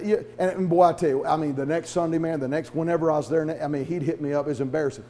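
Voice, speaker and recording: A man's voice: on the high side, rapid-fire, hardly any pauses. A man preaching a sermon, telling stories and acting out the voices in them. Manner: animated, acts out voices in his stories. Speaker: pastor. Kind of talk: sermon with storytelling.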